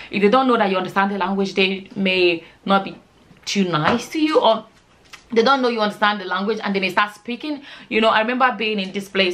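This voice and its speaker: A Nigerian woman talking casually in a Q&A vlog, telling animated stories and slipping into Pidgin. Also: mid-range voice. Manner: animated storyteller, slips into Pidgin. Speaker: vlogger.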